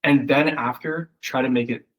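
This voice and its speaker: In a casual one-on-one session, a copywriting coach critiques copy in a loose, chatty style, heavy on fillers and acted-out examples where he mimics quoted voices. His voice is medium-pitched and fairly bright, with a steady tone and moderate pace, on a low-quality recording.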